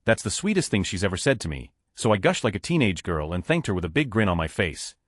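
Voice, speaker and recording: A man reading short online stories aloud as scripted narration, with a flat delivery that lifts at each story heading. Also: low voice, fast talker, no room sound, studio quality.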